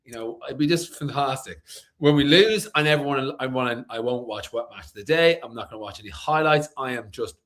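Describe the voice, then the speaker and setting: A man's voice: mid-range voice, fairly quick, fairly bright tone. A man chatting casually as a co-host of a fan show, emotional and rambling, full of restarts.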